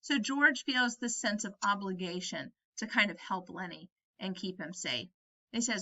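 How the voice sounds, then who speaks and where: A woman's voice: mid-range voice, lively intonation, moderate pace, bright, forceful tone, dull audio. A woman teacher explaining a novel to students in a conversational way, often checking whether they follow. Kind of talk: recorded lesson reviewing a novel.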